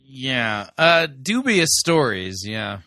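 A man's voice: medium pitch, very animated, takes it slowly, pushed and bright, dry recording. A man reviewing a sermon, giving dry, skeptical commentary.

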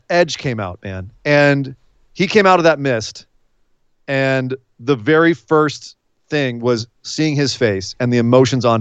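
A man co-hosting a podcast in a casual recap chat, excitable and emphatic, sometimes choked up. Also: mid-range voice, clean tone, dry recording, lo-fi sound. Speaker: podcast co-host.

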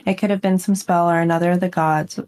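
A grim, bitter giant wolf from a storybook, speaking low and steady. The lines come out plain and even, as a woman reads him in her own voice. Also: fairly quick, lightly acted.

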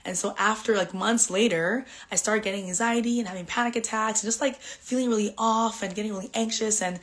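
A woman's voice: medium pitch, steady tone, fairly quick. A woman hosting a podcast, telling a personal story in a candid, emotional, chatty way with lots of "like" fillers. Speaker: podcast host.

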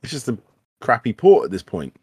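Brief: young British male co-host, mid pitch, dry close sound, chatty storyteller. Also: wildly swooping pitch, brisk, a little mellow, slightly rough, no room sound. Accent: British English. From Britain. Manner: chatty anecdote telling, laughs often. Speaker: podcast co-host. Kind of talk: casual chat.

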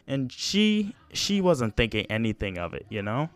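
A man's voice: medium pitch, sing-song, moderate pace, no room sound, soft background music. A young man hosting a casual solo podcast, telling a story in a rambling, self-mocking way with lots of slang. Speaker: podcast host.

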